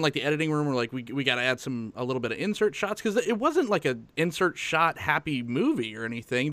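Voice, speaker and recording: A man's voice: medium pitch, a bit bright, dry recording. Male podcast host, dry close sound. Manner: long searching questions. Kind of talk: interviewer questions.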